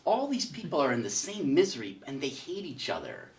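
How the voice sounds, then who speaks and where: A man's voice: a little high, huge pitch swings, brisk, reverberant. Guy teaching a church class, chatty storyteller, lots of ups and downs, mic far away. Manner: storytelling, folksy, with fillers. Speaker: catechism teacher. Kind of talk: casual classroom teaching with a told joke. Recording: voice picked up from a distance.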